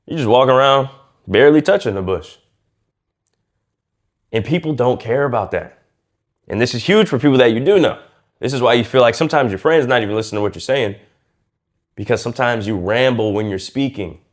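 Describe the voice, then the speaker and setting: A man coaching viewers on speaking, casual and lively, acting out quiet and loud ways of talking and using slang as he goes. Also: mid-range voice, fairly quick, pauses often. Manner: lively and demonstrative, acts out quiet and loud speech. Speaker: communication coach. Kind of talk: casual instructional talk to camera.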